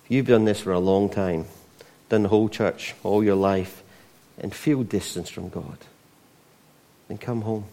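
A man's voice: deep voice, fairly even intonation, moderate pace, dark tone. A Scottish man preaching a conversational sermon, with frequent asides to the congregation. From Scotland.

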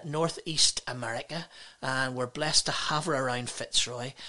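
A woman's voice: deep voice, sharp tone. A woman pastor preaching a sermon, emphatic and exclamatory, with many rhetorical questions.

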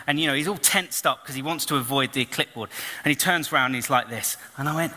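A man preaching a storytelling sermon, animated and acting out the people in his story. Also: fairly high pitch, fairly quick. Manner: animated storyteller, acts out voices and shouts. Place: church hall. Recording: long reverb of a church hall.

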